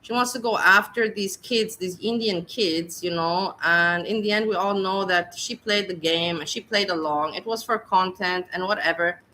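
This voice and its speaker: Woman, commentary host, scornful, blunt, bright tone. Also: lowish voice, moderate pace, hardly any pauses, a little hiss or hum, rough recording. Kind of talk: reaction commentary.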